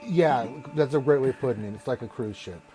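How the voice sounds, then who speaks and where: A man's voice: medium pitch, fairly quick, warm tone, faint music behind. A man narrating a tabletop game as game master, rambling with restarts.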